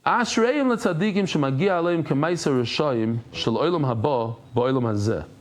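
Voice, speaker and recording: Guy teaching talmud, jumps up and down in pitch a lot, acts out little stories. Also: moderate pace. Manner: animated storytelling, acts out characters, mixes Hebrew and Yiddish terms. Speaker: Daf Yomi teacher. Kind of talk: Talmud class.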